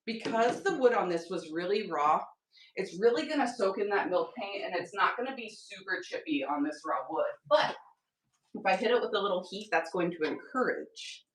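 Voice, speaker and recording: A woman hosts a live craft-selling stream from home, chatting upbeat with her viewers while she works. Her voice sits a bit low and carries a tired edge. She stands back from the mic in an echoey room. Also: lively intonation, normal speed, recorded from a distance, slight background noise. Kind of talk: casual livestream chat while painting.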